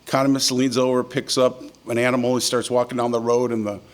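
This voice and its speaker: A man's voice: medium pitch, level tone, quick pace. Older man telling a folksy keynote story. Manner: folksy storyteller, frequent filler words. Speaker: keynote speaker. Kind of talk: conference keynote speech. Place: yacht club event hall.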